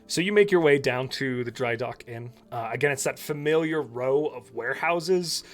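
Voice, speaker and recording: A man narrating as game master of a tabletop game, describing scenes in a relaxed way with frequent "uh"s. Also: mid-range voice, normal speed, soft background music.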